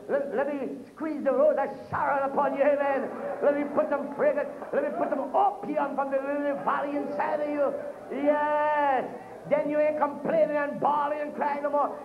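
A man's voice: very high-pitched, background noise. A man preaching a sermon in a church, fervent and full of amens. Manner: fervent, punctuated with frequent amens. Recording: echoey, tinny phone-like room recording.

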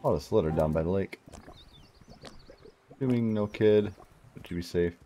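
Playing through a video game, a streamer offers dry, offhand commentary in a relaxed let's-play style. His voice is deep and dark-toned at an ordinary speed, with soft music in the background.

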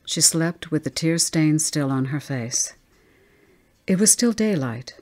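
A woman reading a ghost story aloud as an audiobook narrator, measured and tense. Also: deep voice, lively intonation, darkish tone.

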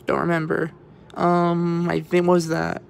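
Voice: mid-range voice, completely flat delivery, unhurried, creaky. A young vlogger giving rambling, stammering walkthrough commentary who often drops to a whisper. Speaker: vlogger touring an exhibit.

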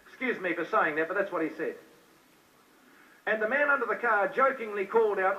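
On a distant, dull old live recording, a high-pitched man from New Zealand preaches an evangelistic sermon at a quick pace. He repeats himself often and fires questions at the hall's crowd.

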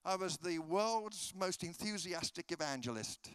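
A man's voice: high voice, expressive, unhurried, a bit bright, clean tone, no room sound. A British man preaching a humorous sermon, telling stories and acting out the dialogue in comic voices. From Britain. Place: conference hall.

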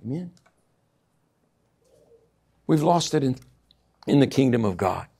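A man preaching a sermon, calling out "amen?" to his church and swinging between hushed asides and loud emphatic bursts. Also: medium pitch, sing-song, takes it slowly, gravelly, breathy edge. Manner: call-and-response, repeats 'amen?' to the congregation. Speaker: pastor.

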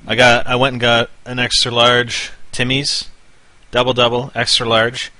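A man's voice: medium pitch, monotone, normal speed, sharp tone. Hyper, rambling man. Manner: rambling, mock-ranting, wound up. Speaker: gaming channel host. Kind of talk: casual gaming commentary.

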